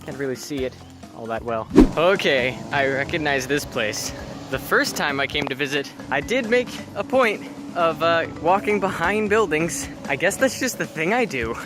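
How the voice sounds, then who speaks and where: A man's voice: on the high side, expressive, normal speed. A young man casually vlogging a road trip and campus visit in a playful, jokey way. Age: young adult. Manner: playful and jokey, slipping into silly voices. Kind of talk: casual vlog narration. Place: outdoors on a college campus and in a car. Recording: music playing under the voice.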